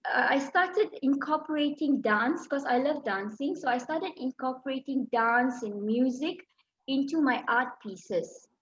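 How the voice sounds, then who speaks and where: A middle-aged woman from Malaysia telling a personal story in a talk, emotional and full of fillers and restarts. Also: high voice. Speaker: speaker. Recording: dull lo-fi sound.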